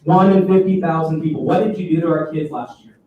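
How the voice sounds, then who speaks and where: A man's voice: fairly high pitch, fairly quick, recorded from a distance, muffled recording, slight background noise. A man giving timed public comment at a school board meeting, pressing his points with rhetorical questions. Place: large meeting room. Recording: echoey room, voice heard from afar.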